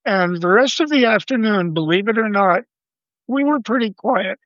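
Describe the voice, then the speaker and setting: An older man with a notably high voice tells a story at an even, measured pace. He brings the people in it to life by quoting them. The recording is dry and a little dull and lo-fi, with no room sound. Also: no echo. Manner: measured, vivid storyteller who quotes others. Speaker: astronomer guest. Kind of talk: storytelling interview answers.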